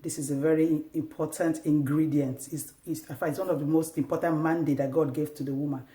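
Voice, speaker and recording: A woman's voice: low-pitched, fairly even intonation, fairly quick. A woman giving earnest, faith-based marriage advice to wives, exhorting them and acting out little home scenes. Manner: earnest and exhortative, acts out scenes with sharp raised outbursts. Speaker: Christian marriage advice vlogger. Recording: echoey room.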